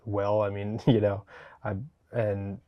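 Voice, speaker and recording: A man co-hosting a throws podcast, speaking softly and hesitantly with many pauses and fillers. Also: fairly low pitch, completely flat delivery, muffled recording. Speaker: throws coach, podcast co-host. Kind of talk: casual sports chat.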